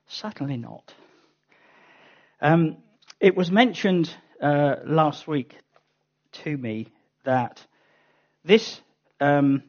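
A man's voice: mid-range voice, lo-fi sound. A man preaching a sermon, reading scripture and explaining it in an earnest teaching manner with sudden emphatic bursts.

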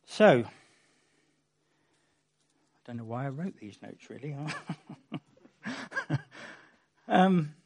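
A man's voice: fairly high pitch, big pitch swings, very slow, pauses often, darkish tone, husky. A man giving a conversational sermon as a Bible teacher, emphatic, with wry asides.

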